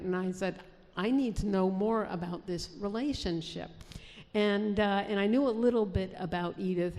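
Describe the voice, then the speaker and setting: A historical fiction novelist from New Jersey, USA, appears as a guest, answering interview questions in a chatty style with frequent restarts. Her voice is warm and fairly low, and the recording carries a long hall reverb.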